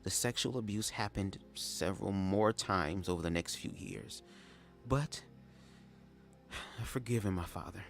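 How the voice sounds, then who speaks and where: Male reader, low voice, live read-aloud with sassy asides; faint music. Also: unhurried, vocal fry, pauses often. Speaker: reader of a memoir.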